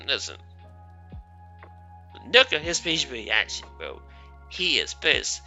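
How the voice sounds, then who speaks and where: A man co-hosting a casual reaction commentary, loud and swearing, laughing at his own jokes. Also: medium pitch, sing-song, slow, long pauses, faint music behind. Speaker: co-host reacting to clips.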